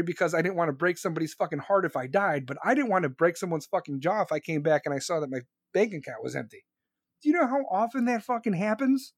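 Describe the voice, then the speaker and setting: A man's voice: high-pitched, dry recording. A man in his forties ranting angrily and crudely, repeating himself for emphasis. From United States. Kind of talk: profane ranting monologue.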